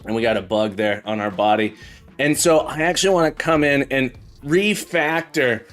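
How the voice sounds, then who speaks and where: A man's voice: mid-range voice, moderate pace, a bit bright. A man teaching programming on a live stream, chatting casually and joking as he greets viewers by name. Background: faint background music.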